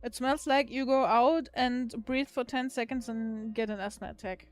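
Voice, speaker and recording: A woman's voice: fairly high pitch, steady tone, moderate pace, soft background music. Giggly woman chatting with stream viewers. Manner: giggly, laughs often, swears casually. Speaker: livestreamer. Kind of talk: casual chat with viewers.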